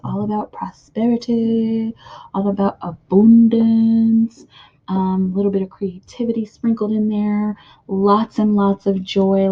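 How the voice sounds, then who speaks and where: A woman's voice: mid-range voice, highs cut off. A woman giving a casual card reading to her viewers, chatty and full of fillers, often calling out to "you guys". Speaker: tarot card reader.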